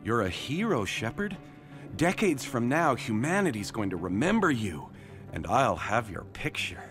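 An actor playing an eager young male fan, gushing and excited. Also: medium pitch, moderate pace, faint music behind.

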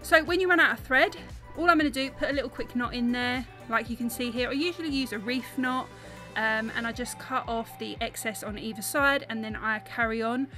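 A woman's voice: fairly high pitch, a little fast, pushed and bright, faint music behind. A young woman with a South East London accent, talking through an embroidery tutorial step by step in a chatty, apologetic way. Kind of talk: voice-over tutorial narration.

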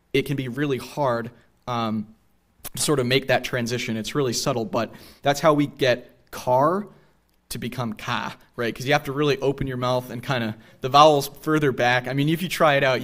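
A man from the Greater Boston area delivers a public lecture in a theater. His pitch sits in an ordinary middle range. He explains patiently and often pauses to check that the audience is following him. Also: a bit bright. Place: theater stage.

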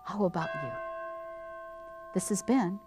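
A woman hosting a devotional talk, an expressive storyteller who sometimes drops to a soft hush for emphasis. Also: mid-range voice, measured pace, over music. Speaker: devotional and health segment host.

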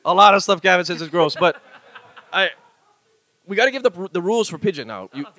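A man from Hawaii, co-hosting a podcast in joking, animated banter. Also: high voice, brisk. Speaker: podcast co-host. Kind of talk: casual comedic chat. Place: live studio room with audience.

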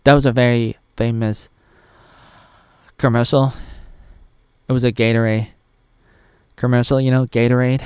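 A man's voice: medium pitch, little pitch movement, unhurried, pauses often, a little mellow, clear, resonant tone, dry recording. A man in his thirties from Oregon, ranting in a rambling, self-mocking solo vlog with lots of asides. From Oregon, USA. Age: 30s. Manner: self-mocking, digressive, with pop-culture asides. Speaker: vlogger.

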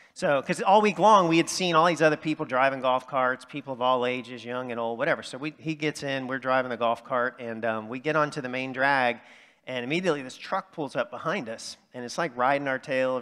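A middle-aged man, a pastor telling a story in a relaxed, self-mocking sermon with sarcastic asides. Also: medium pitch. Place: church sanctuary. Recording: reverberant sanctuary.

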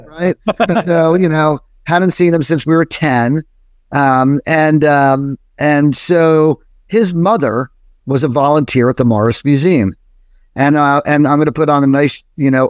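A man's voice: mid-range voice, normal speed, dry recording. Rambling man in his sixties telling stories. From New Jersey. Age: 60s. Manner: rambling, frequent fillers and restarts, profane. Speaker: podcast guest, photographer. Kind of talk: casual interview storytelling.

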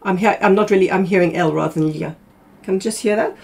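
A woman coaching opera singers in a masterclass, probing and quick, humming snippets of the music as she talks. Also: lowish voice, gravelly, a little mellow. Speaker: vocal coach.

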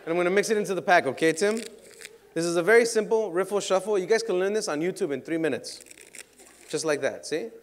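A man performing card tricks for an outdoor crowd, joking and teasing volunteers, now and then shouting to hype them up. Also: high-pitched, quick pace, a little hiss or hum. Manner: playful, teasing, bursts into loud hype. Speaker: street magician.

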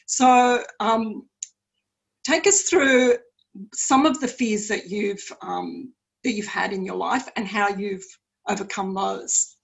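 A woman's voice: mid-range voice, takes it slowly, vocal fry, rough recording. A woman hosting a book podcast, asking casual questions and laughing along with her guest. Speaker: podcast host. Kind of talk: casual interview.

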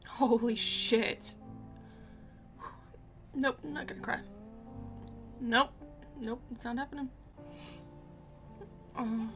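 A woman's voice: fairly high pitch, steady tone, takes it slowly, long pauses, music in the background. A young woman commenting casually on a show she is watching, emotional and exclaiming, often talking to herself. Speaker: reaction video host.

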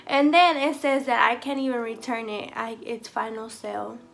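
High-voiced, foul-mouthed young woman vlogging. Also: moderate pace, vocal fry. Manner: blunt, swears a lot, animated and chatty. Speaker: fashion vlogger. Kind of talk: casual try-on haul chat. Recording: echoey room, faint music behind.

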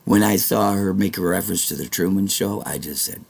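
A man with a very deep, gravelly voice speaks straight to his viewers in a rambling monologue. His tone is husky and rough at the edges. He drifts between quiet muttering and angry, cursing outbursts. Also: fairly quick. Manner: rambling, swings from muttering to shouting angrily, swears often. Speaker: vlogger.

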